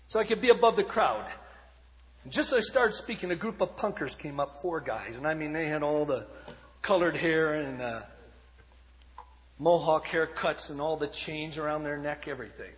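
A man's voice: on the high side, expressive, moderate pace, long pauses. Dramatic preacher man in a reverberant hall. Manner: dramatic, shifting from shouts to hushed tones. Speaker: evangelist speaker. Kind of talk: sermon storytelling.

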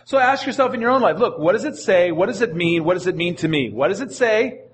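High-voiced man preaching a sermon. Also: lively intonation, quick pace, slight background noise. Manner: earnest, repeats phrases while preaching. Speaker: pastor.

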